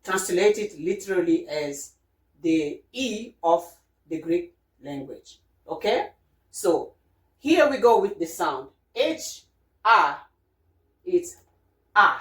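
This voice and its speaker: Slow-talking woman w/ running a lesson, a bit far from the mic in a roomy space. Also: on the low side. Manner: patient, repeats sounds, checks in with "okay?". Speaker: French teacher. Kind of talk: casual spoken lesson. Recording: roomy, voice from a distance.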